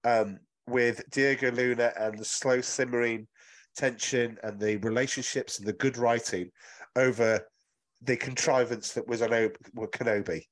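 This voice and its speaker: A man's voice: mid-range voice, fairly even intonation, normal speed. A man chatting casually as a podcast co-host, teasing and enthusiastic as he argues his point. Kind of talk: casual film chat.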